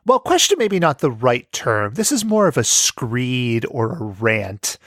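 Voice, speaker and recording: Animated man hosting a podcast. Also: medium pitch, measured pace, no room sound, clean studio sound. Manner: jokey, animated, reads letters aloud. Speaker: podcast host. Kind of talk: casual podcast chat, reading listener mail.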